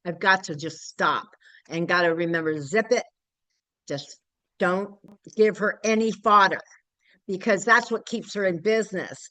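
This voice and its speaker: A woman's voice: medium pitch, measured pace, bright, forceful tone, dry recording, poor audio. An older woman speaking at a community group meeting, candid and blunt, rambling with frequent fillers. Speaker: local activist group member.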